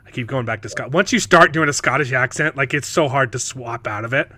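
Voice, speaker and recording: A man hosting a casual panel chat, animated and mocking, often stumbling over words and restarting. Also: medium pitch, fairly quick, no echo. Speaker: host.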